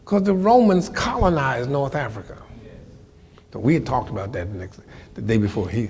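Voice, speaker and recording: An older man telling a story from his life to a live audience, animated and colloquial, acting out the voices of the people in it. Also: medium pitch, normal speed, in a large hall. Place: lecture hall before an audience.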